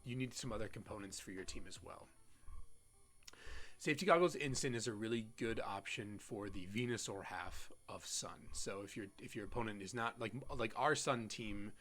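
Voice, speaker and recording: A man giving casual strategy commentary on a competitive Pokemon team, halting often with "um"s and restarting his sentences. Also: on the low side, fairly bright tone. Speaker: competitive Pokemon player and content creator.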